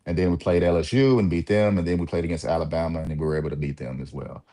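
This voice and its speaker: A man from Mississippi, a former college point guard, recalling his playing days in a casual interview, relaxed and reflective with many fillers. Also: sits low, fast talker.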